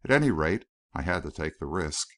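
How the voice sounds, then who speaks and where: A man reading a mystery novel aloud in the first person, measured and expressive. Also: a bass voice. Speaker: audiobook narrator.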